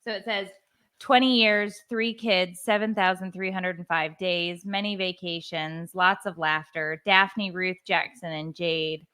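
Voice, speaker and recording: A woman's voice: on the low side, steady tone, measured pace, sharp tone, clear, resonant tone. A woman in her thirties co-hosting a parenting podcast, chatting casually and laughing easily. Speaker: podcast co-host. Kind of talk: casual chat.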